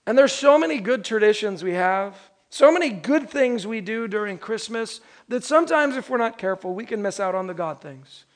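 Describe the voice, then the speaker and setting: High-pitched guy preaching a christmas sermon, tells stories, slows way down on the big lines. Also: expressive. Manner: storytelling, emphatic, slows down on key phrases. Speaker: pastor.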